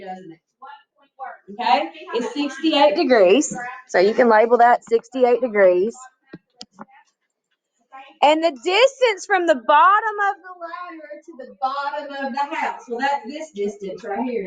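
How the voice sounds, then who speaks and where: A woman's voice: high-pitched, lively intonation, measured pace, low-quality recording. A woman teaching a math class, chatty and often asking the students questions. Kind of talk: classroom lesson.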